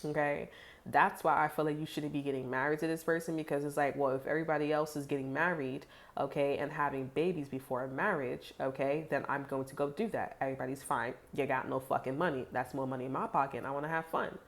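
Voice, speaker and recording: A woman's voice: sits low, fairly even intonation, fast. A woman giving a casual tarot reading to viewers, chatty and blunt, swearing freely with lots of "like" fillers. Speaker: tarot reader.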